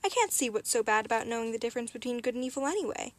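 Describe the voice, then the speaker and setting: A woman's voice: a little high, animated, very fast, close to an everyday voice. Brief: woman reading as a sardonic male demon serpent for an audiobook, wry and teasing. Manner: wry and sarcastic.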